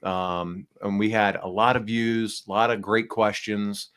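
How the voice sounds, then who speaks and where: Man, podcast host, low voice, stuffy nasal sound from a cold, chatty, rambling. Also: flat delivery, measured pace, a bit bright, smooth. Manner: upbeat, rambling with fillers. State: nasal and congested from flu. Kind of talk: casual podcast chat. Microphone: small backup microphone.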